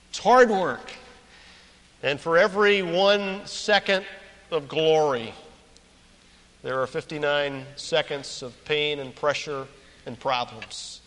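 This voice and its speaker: A man's voice: a little high, a bit bright. A man preaching a sermon, emphatic and repeating key phrases, telling stories with quoted characters. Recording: long hall reverb.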